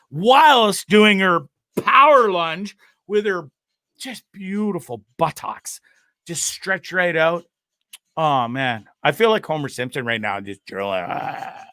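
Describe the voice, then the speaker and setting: A man's voice: high voice, sharp tone, dry recording, studio quality. A middle-aged man from Canada hosting a casual show, rambling crudely about his day, swearing freely and repeating himself. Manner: crude, profane, self-mocking and rambling; repeats words and restarts a lot. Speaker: host.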